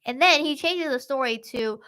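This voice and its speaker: A woman's voice: sits high, normal speed. A young woman hosting a true-crime podcast, retelling a case in casual, slangy chat. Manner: slangy, animated storytelling.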